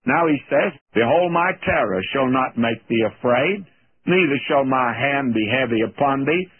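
A man's voice: mid-range voice, lively intonation, normal speed. A man giving a verse-by-verse Bible teaching as a radio preacher, reading scripture aloud and then explaining it plainly. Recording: narrow phone-like old radio broadcast.

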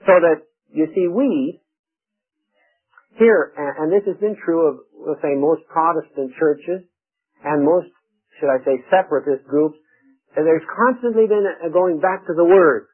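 A man's voice: on the high side, unhurried, husky, phone-quality sound. A man giving a conversational Bible lecture on church history, asking rhetorical questions and often restarting his sentences. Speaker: Bible teacher.

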